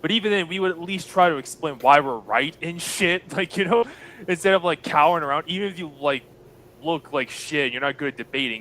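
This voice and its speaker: Dude with a bright, slightly high voice, loose crude stream chat. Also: male voice, slight background noise. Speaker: stream co-host. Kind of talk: casual reaction stream.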